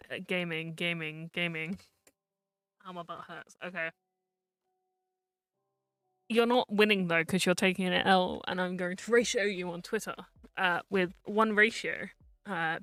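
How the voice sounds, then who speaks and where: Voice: medium pitch, pushed and bright, smooth, no room sound. A VTuber streamer in casual live-stream chat while gaming, rambling, teasing friends and muttering to themself.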